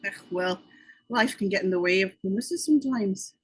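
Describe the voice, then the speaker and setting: A woman with a husky voice reading a stocky, grumbling fifty-year-old man from Belfast in an amateur script read. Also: mid-range voice, normal speed, no echo, lightly acted. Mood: gruff.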